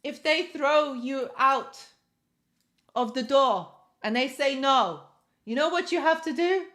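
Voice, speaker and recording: A woman imitating her father, a man with a strong accent giving loud, emphatic advice. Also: sits high, slow. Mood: insistent.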